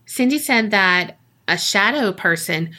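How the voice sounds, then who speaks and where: A woman telling a ghost story on a podcast, slow and unhurried. Her voice is bright and chatty, peppered with "like". Her pitch sits in the middle. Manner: relaxed, chatty, lots of "like". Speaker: podcast co-host.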